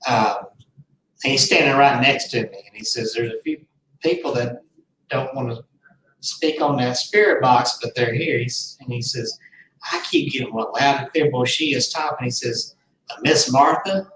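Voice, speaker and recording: An earnest man tells a story casually, rambling and heartfelt. His voice is mid-range with a fairly bright tone at normal speed, picked up by a distant mic in a roomy space with faint noise.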